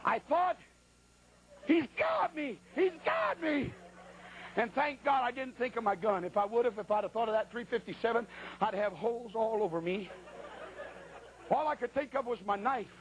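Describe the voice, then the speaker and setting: A man preaching a sermon as a colloquial, animated story, acting out sounds and voices. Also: high-pitched, brisk, muffled recording, slight background noise.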